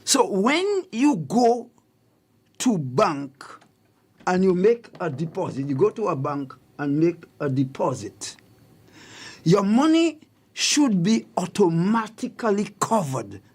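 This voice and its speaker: Husky, emphatic radio host man. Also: high-pitched, sing-song, takes it slowly, a little mellow. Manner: emphatic, repeats key points, asks listeners if they follow. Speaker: radio talk show host. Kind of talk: radio commentary on public affairs. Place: radio studio.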